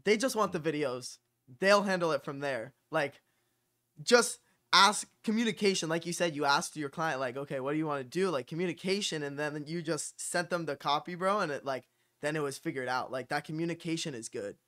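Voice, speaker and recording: Young male host, bright and a touch high, loose casual talker full of "like" and "bro". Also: brisk. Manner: loose, says "like" and "bro" constantly. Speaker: copywriting channel host. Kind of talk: casual chat.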